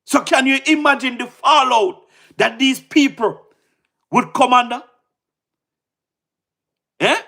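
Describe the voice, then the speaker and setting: A man with a Jamaican accent doing casual livestream commentary, excitable, repeating himself and firing rhetorical questions with frequent laughs. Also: very high-pitched, takes it slowly, gravelly, pauses often.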